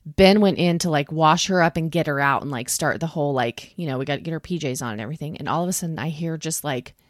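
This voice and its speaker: A young woman with a slightly low voice tells a story on her podcast, chatty and animated, sprinkling in casual fillers. The sound is dry and close, with no room around her. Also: fast talker, dry recording. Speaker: podcast co-host.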